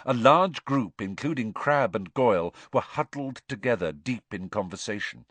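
A man giving expressive, scripted storybook narration at a close mic. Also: mid-range voice, moderate pace, dry recording. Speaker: audiobook narrator.

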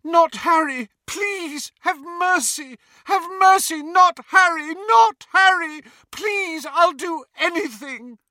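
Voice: very high-pitched, takes it slowly, hardly any pauses, pushed and bright, dry recording, clean studio sound, voice pushed up, full character voice. A reader voicing a desperate young mother who pleads frantically for her baby. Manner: frantic, shrieking pleas.

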